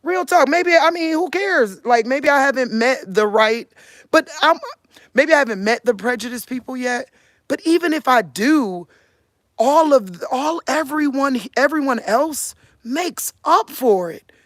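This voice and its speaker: Expressive and measured in pace, this high voice comes from a fortysomething vlogger from Cleveland, Ohio, who drawls like the country Midwest. She speaks earnestly and casually to her audience, again and again asking "you get what I'm saying?" The recording is dry.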